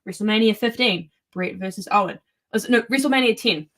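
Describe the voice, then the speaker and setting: A woman's voice: mid-range voice, fast, fairly bright tone. A woman co-hosting a casual podcast chat, laying out her theories and setting the scene with quoted asides. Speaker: podcast co-host.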